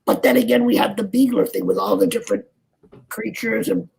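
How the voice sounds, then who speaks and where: An older man, an actor guest, chatting in an interview over a video call with a gravelly voice, rambling and restarting his sentences. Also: sits high, wildly swooping pitch, a little mellow, low-quality recording. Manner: rambling, halting, many restarts. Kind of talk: casual interview chat.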